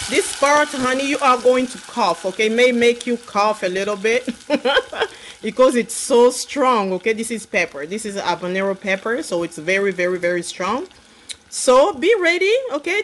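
A woman's voice: on the high side, a bit bright, poor audio. A woman cooking on camera, talking sassily and teasingly to her viewers and calling them honey. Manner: sassy, teasing, calls viewer honey, repeats "okay?". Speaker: cooking vlogger. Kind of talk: casual cooking demonstration. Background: frying sizzle.

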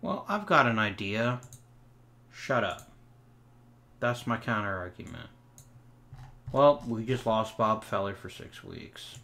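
A young man with a fairly low voice talks through a sports management game as he plays. He thinks aloud about trades and the roster, and sarcastically answers back to his complaining virtual players. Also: lively intonation, takes it slowly, vocal fry, pauses often, pushed and bright. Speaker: gaming channel host. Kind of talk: let's play commentary.

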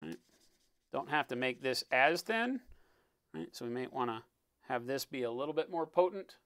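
A man talking through a live-stream painting tutorial in a relaxed, explanatory way, often checking in with "right?" and sometimes muttering as he works. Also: medium pitch, normal speed, clean tone, no echo. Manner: muttering while working. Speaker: miniature painting instructor.

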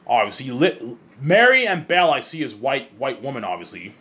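A man talking casually and excitably in a rambling monologue, swearing freely and often stumbling and restarting his words. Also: mid-range voice, fairly quick. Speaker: vlogger.

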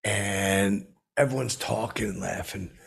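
A man telling a rambling comic anecdote, halting and full of fillers, with blustering asides. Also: fairly low pitch, vocal fry, breathy edge. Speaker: storyteller.

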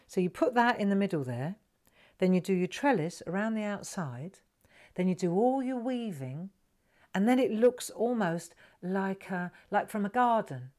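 A middle-aged woman hosting a live craft lesson, chatting gently and coaxing viewers to relax as she demonstrates. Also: medium pitch.

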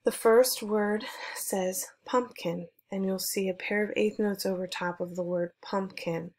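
A woman's voice: medium pitch, steady tone, unhurried, darkish tone. Upbeat woman music teacher. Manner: clear, encouraging, leads call-and-response chants. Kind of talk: online music lesson for children.

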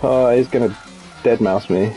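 A man's voice: mid-range voice, moderate pace, mellow, faint music behind. A man streaming a co-op shooter, giving casual, sardonic commentary and swearing freely at the game. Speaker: streamer playing in co-op. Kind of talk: casual gameplay commentary with party chat.

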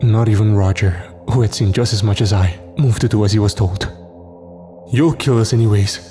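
Low-voiced man narrating horror. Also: steady tone, fairly quick, dark tone, faint music behind. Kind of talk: scripted first-person horror narration.

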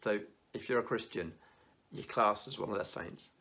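A man in his thirties giving a church youth talk, telling stories in a lively way, then turning quiet and earnest, with some stumbling restarts. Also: on the low side, moderate pace.

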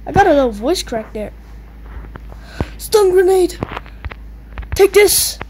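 A young woman giving excitable, taunting commentary while playing a video game, yelping and squealing at the action. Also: takes it slowly. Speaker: gamer. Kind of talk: gameplay commentary. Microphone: low-quality mic. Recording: faint noisy low-quality mic.

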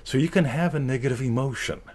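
A man hosting a live question session, in a joking, animated manner, laughing often and acting out little voices. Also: mid-range voice, quick pace. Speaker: host. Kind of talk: casual chat answering questions.

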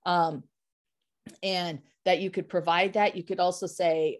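A woman sales coach speaking as a podcast guest, explaining in an animated, emphatic way with vivid examples. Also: fairly low pitch, unhurried. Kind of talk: casual interview talk.

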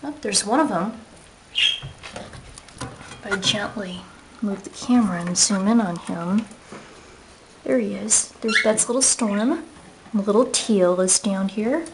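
A woman's voice: mid-range voice, takes it slowly, pauses often, noisy background. A woman filming her pet birds at home with a handheld camera, explaining what they do and talking sweetly to them in a sing-song voice. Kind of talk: casual home video narration. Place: home room with a china cabinet. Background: bird chirps and squeals.

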